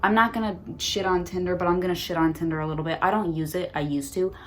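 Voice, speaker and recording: A woman's voice: fairly low pitch, steady tone, quick pace, a little hiss or hum. A woman in her twenties, a vlogger talking casually to her phone on a tripod at home, rambling with lots of "like" and sarcastic, profane asides. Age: 20s. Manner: chatty, frequent "like", sarcastic and profane. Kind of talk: casual rambling chat to camera.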